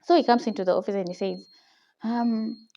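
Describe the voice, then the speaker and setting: Recorded on a phone camera with muffled sound, this young adult vlogger with a Kenyan accent races through an animated personal story. Her mid-range voice is warm with vocal fry, and she keeps adding "okay?" to her lines while laughing often.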